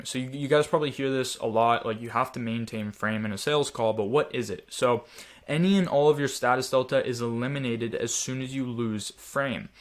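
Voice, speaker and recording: A young man giving a casual sales training lecture, explaining with many fillers and acting out different tones of voice. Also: mid-range voice. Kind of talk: screen-share training lecture.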